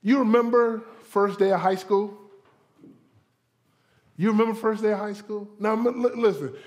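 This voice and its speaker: A pastor from Florida delivering a sermon with a notably high voice. He talks to the congregation in a loose, conversational way, slipping into acted-out inner voices and playful asides. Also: steady tone, normal speed, darkish tone.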